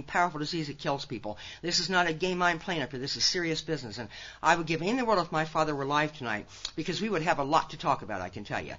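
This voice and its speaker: An older woman from Nebraska talks fast and folksy, speaking straight to a big crowd. Her voice is bright and forceful. The recording sounds dull and lo-fi. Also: deep voice. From Nebraska, USA. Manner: folksy and animated, direct asides to listeners. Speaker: conference speaker. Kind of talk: recovery talk to a large audience.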